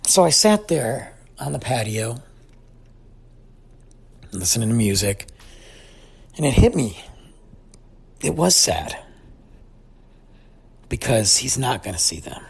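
Husky-voiced man in his forties. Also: mid-range voice, sing-song, takes it slowly, long pauses. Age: 40s. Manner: heartfelt, thoughtful storytelling. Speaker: father telling a family story. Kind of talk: personal reflective monologue.

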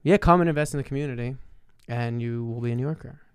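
A man from New Jersey with a New York accent, talking in a rambling, animated casual chat. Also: medium pitch, quick pace, smooth, dry recording.

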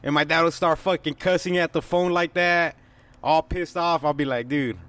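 A man's voice: on the high side, steady tone, moderate pace, fairly bright tone. Laid-back profane young man. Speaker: podcast co-host. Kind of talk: casual chat.

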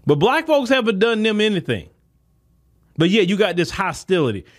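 A man's voice: high-pitched, big pitch swings, normal speed. A man hosting a podcast, talking in a casual, emphatic monologue straight to his listeners. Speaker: podcast host.

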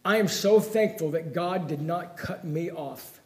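Unhurried, a high-voiced preacher questions his listeners directly to press his points home. He ranges from loud, emphatic lines to soft pleading, and the recording has the echo of a church room.

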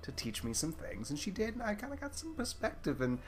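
A man voicing a soft-spoken adult male adventurer in a tabletop game, his voice sometimes dropping to near whispers. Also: high voice, huge pitch swings, fairly quick, pitched above the performer's own voice. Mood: reflective.

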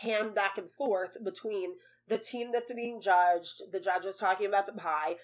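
A young woman co-hosting a casual podcast, jokey and quick to break into laughter. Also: medium pitch, steady tone, low-quality recording. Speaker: podcast co-host. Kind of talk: casual chat.

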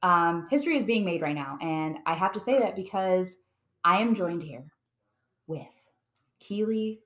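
A woman hosting a podcast in casual chat around a table, bubbly and excitable, laughing often. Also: fairly low pitch, unhurried. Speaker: podcast host.

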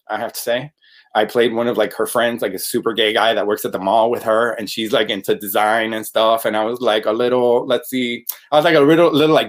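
A man in a casual interview, talking about his work as an actor. He rambles and restarts often and fills pauses with "um" and "uh". His voice sits in an ordinary middle range. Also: medium pitch. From United States. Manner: chatty, rambling, frequent fillers. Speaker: actor guest.

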